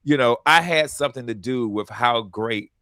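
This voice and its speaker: A man hosting a radio comedy show, telling stories in a casual, animated way and acting out what people said to him. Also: medium pitch, moderate pace, clear, resonant tone, no echo. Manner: animated storytelling, acts out quotes.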